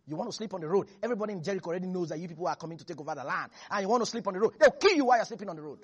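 A preacher delivering a lively sermon that swings between hushed asides and shouts. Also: medium pitch, racing, husky.

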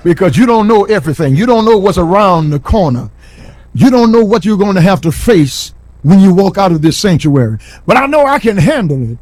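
A middle-aged man preaching a sermon in a church, repeating lines and building to shouts. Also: high-pitched, sing-song, brisk, no room sound. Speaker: pastor. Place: church sanctuary.

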